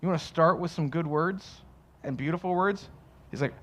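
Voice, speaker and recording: A man's voice: on the high side, moderate pace, fairly bright tone. A man preaching a sermon as pastor, conversational and joking, acting out quoted voices. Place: church.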